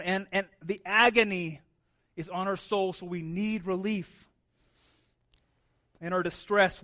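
Man, 30s, pastor, sermon, conversational, high-pitched. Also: fairly bright tone. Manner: conversational, frequent "right?" asides and repeated words.

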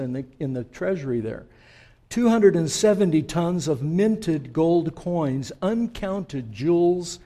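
A man preaching a sermon in an unhurried, storytelling way, speaking directly to his listeners. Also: mid-range voice, warm tone. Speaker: pastor.

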